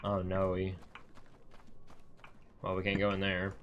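A man streaming a video game, reacting with excited, profane casual commentary. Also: low-pitched, unhurried, lo-fi sound, slight background noise.

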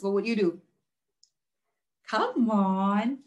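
A woman teaching a class in a lively, questioning way, checking her listeners with "right?" as she goes. Her voice sits a little high and she repeats words while building each point. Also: normal speed. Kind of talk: interactive online class talk.

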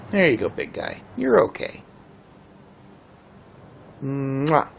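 A man's voice: medium pitch, sing-song, slow pace, vocal fry, a little hiss or hum. A man casually commenting on his gameplay livestream, playful and laughing often as he chats to his cat. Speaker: game streamer.

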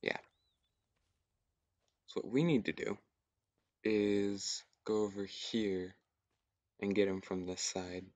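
A man's voice: lowish voice, flat delivery, slow, long pauses, no room sound. Young man whispering through gameplay. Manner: hushed, often whispering while sneaking; thinks aloud, repetitive and tentative. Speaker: gaming YouTuber. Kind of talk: casual gameplay commentary.

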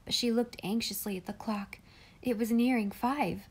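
A woman reading a classic children's novel aloud in clear, measured storytelling. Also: a little high, fairly even intonation, darkish tone. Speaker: audiobook reader.

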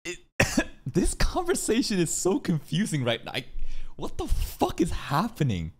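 A man casually reacting to an anime episode, excitable, restarting his sentences, swearing and laughing often. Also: high voice, measured pace.

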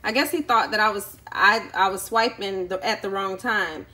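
A YouTube vlogger sits at home telling a long, casual story, using lots of ums and impersonating the people she met. Her medium-pitched voice sounds pushed and bright at a moderate pace.

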